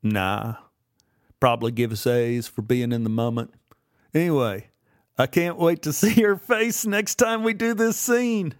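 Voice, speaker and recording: Man doing a brash, shouting young actor. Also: medium pitch, steady tone, unhurried, long pauses, smooth, dry recording, studio quality, close to an everyday voice. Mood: cocky. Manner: shouting, taunting, cocky. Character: brash young male college actor, menacing.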